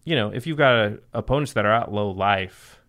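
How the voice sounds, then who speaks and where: A man's voice: on the low side, a little fast, fairly bright tone. A man hosting a casual podcast chat, explaining card game decks at length and laughing easily. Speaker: podcast host.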